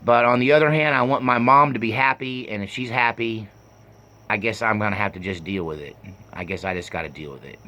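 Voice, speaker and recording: A man's voice: lowish voice, brisk, pushed and bright. A man voicing a reckless hard-drinking young man who talks bluntly and accusingly. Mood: grudging.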